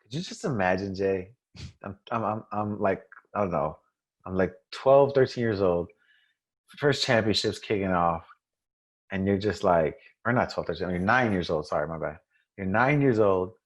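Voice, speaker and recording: A man's voice: deep voice, moderate pace. A man who works as a radio personality, chatting in a laid-back way and often tagging his points with "right?". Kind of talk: casual chat.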